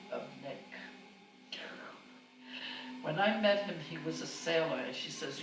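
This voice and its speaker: A woman's voice: low voice, unhurried, long pauses, noisy background. Older woman telling family stories. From United States. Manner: warm anecdotal storytelling with acted quotes. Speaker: storyteller. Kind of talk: oral history reminiscence. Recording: echoey room, far from the mic, music behind.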